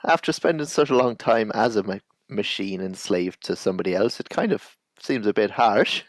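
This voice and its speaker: A man at a tabletop game, voicing his character with hesitant stammers. His pitch moves a lot, and the sound is close and dry. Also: lively intonation, normal speed, dry recording. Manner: hesitant, stammering, laughing often. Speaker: player. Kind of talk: casual tabletop role-play.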